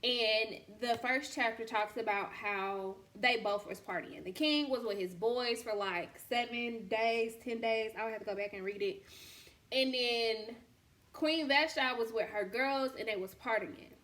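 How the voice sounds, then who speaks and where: A woman's voice: a little high, measured pace, fairly bright tone. A woman hosting a casual faith talk, speaking candidly in slangy, storytelling fashion. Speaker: podcast host and boutique owner.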